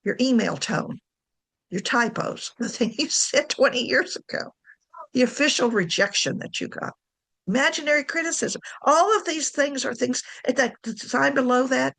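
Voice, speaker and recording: Chatty woman with a gravelly voice. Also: fairly high pitch, fairly bright tone. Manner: chatty, self-correcting, laughs often. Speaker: writing coach. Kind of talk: informal talk to camera.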